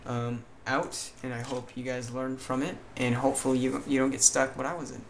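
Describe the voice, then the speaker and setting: A man's voice: mid-range voice, level tone, fairly quick, creaky, a little hiss or hum. A tired man vlogging in a vague, mixed put-on accent, talking hesitantly with many fillers and restarts. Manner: puts on a vague mixed foreign-sounding accent. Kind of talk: casual chat to camera.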